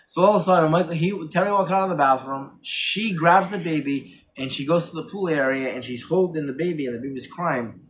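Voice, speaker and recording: A man reviewing a horror film in casual chat, retelling the plot excitedly with many restarts and corrections. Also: a little high, fairly quick, few pauses, a little hiss or hum.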